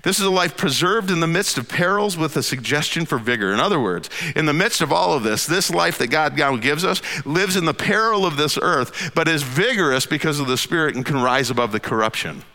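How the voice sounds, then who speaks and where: A preacher with a bright, forceful voice delivers a sermon in a big hall with a long reverb trailing his words. He leans hard on emphatic lines, then drops to a soft, hushed tone. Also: a little high, a little fast, few pauses. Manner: expressive preaching, swinging from loud emphasis to hushed near-whispers. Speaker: pastor.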